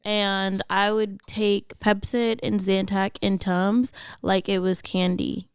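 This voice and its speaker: Woman co-host, frank and animated, smooth clear tone, close dry sound. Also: mid-range voice, takes it slowly, dry recording. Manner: frank, animated storytelling with laughs. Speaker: podcast co-host. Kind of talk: casual chat.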